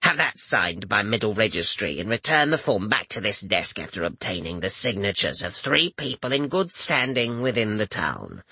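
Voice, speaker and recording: A man voicing a severe older woman clerk with a scratchy, rasping voice, speaking slowly and with a sneer. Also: on the low side, sing-song, pushed and bright, no room sound, exaggerated voice. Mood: curt, scornful. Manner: slow, drawn-out, sneering.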